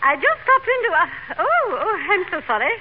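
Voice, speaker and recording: A prim, fluttery high-society lady in a 1940s radio comedy, her high voice swooping all over as she gushes in an affected, genteel way. The sound is thin and tinny, like an old scratchy radio broadcast with a faint hiss. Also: sing-song, normal speed. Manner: flustered, gushing. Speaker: society club lady visitor.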